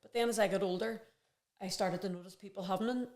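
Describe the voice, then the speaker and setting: A woman's voice: medium pitch, fairly even intonation, quick pace, darkish tone. A woman, a podcast guest in casual conversation, talking earnestly and reflectively in long, rambling runs.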